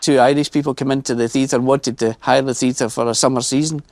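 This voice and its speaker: A man's voice: mid-range voice, fairly even intonation, fairly quick, background noise. A Scottish man who manages a theatre, speaking plainly in an interview and often restarting his sentences. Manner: plain-spoken, repeats himself when starting thoughts. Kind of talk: interview reminiscing.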